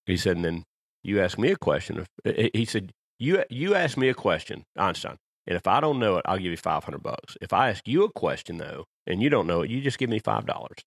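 A man's voice: sits low, sing-song, brisk, vocal fry, slightly rough, no echo. A man co-hosting a podcast, chatting casually and telling long rambling stories. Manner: rambling storyteller. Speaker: podcast co-host. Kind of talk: casual chat.

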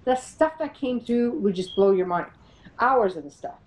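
A middle-aged woman, a paranormal investigator, telling her experiences as an interview guest, animated and laughing often as she acts out what others said. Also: a little high, moderate pace, low-quality recording. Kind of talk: storytelling in an interview.

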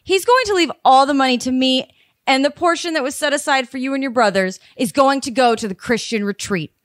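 Polite, spiteful voicemail from an elderly female con artist, read aloud by a woman podcaster. The delivery is measured and courteous, with the menace tucked underneath. Close, dry sound with no room echo. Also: high voice, pitched above the performer's own voice, lightly acted. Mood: politely spiteful. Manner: sweetly polite with a spiteful edge.

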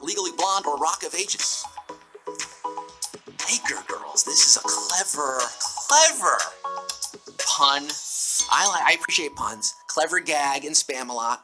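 A man's voice: a little high, low-quality recording. A man hosting a live trivia game show, reading questions and answers in a playful, punning way and breaking into bits of song. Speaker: quiz show host.

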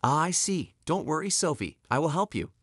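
Brief: soft-spoken, reassuring young man voiced by a male narrator, lively intonation, dry close sound. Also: on the high side, a little fast, breathy edge, no echo, voice pushed up, exaggerated voice. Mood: gentle. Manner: gentle, reassuring. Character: kind, patient young man helping a girl.

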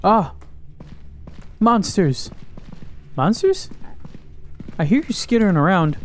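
A man's voice: high voice, sing-song, slow, long pauses. A young man giving casual gaming commentary, joking crudely, talking to himself and yelping when startled. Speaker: gaming YouTuber.

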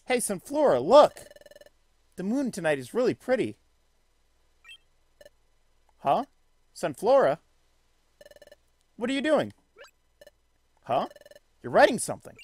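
A man voicing a friendly young creature in a video game, gentle and encouraging. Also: sits high, big pitch swings, takes it slowly, long pauses, husky, voice pushed up, heavily acted. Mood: kind.

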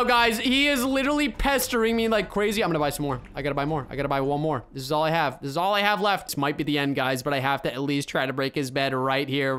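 A young man giving excitable gameplay commentary as a YouTuber, dropping to mutters and bursting into shouts. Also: a little high, smooth. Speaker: gaming YouTuber.

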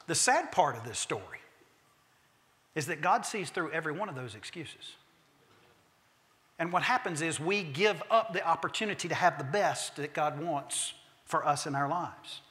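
A man preaching a sermon in a church, an emphatic storyteller who slows down for key points and drops humorous asides. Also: a little high, expressive, sharp tone. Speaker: pastor. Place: church sanctuary. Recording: long reverb of a church sanctuary.

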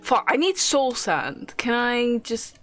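Brief: young woman streamer, unhurried and swinging in pitch, crude casual chatter, faint music behind. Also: big pitch swings, a bit bright. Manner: swears often, laughs, thanks viewers. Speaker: live streamer. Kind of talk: casual live-stream chat.

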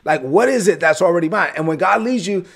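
Male pastor, high gravelly husky voice, emphatic sermon teaching. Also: animated, fast talker. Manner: emphatic, repeats words, builds to shouted peaks.

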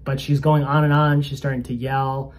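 A man's voice: mid-range voice, level tone, moderate pace. A man who hosts a spiritual coaching channel, sharing a personal faith testimony in an earnest, conversational and slightly self-conscious way. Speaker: spiritual coach and video host.

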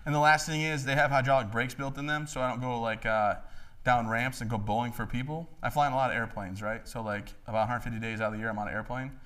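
A man in his thirties giving a joking, animated talk to a live audience in a hall. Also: medium pitch, fast. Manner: joking, animated, acts out voices. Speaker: motivational speaker.

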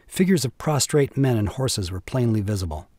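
A man's voice: mid-range voice, lively intonation, moderate pace, warm tone, no echo. Man narrating a classic war story. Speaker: audiobook narrator.

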